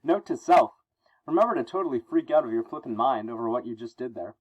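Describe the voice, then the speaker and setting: A man's voice: medium pitch, animated, quick pace, lo-fi sound, lightly acted. A man reading aloud as a wisecracking masked teen superhero, jokey and frantic. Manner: jokey, frantic, self-mocking.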